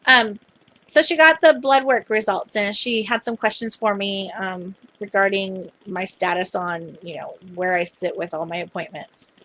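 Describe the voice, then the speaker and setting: A woman's voice: medium pitch, normal speed, fairly bright tone. Chatty young woman telling a story. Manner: chatty, retelling a phone call at length. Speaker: vlogger. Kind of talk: casual chat.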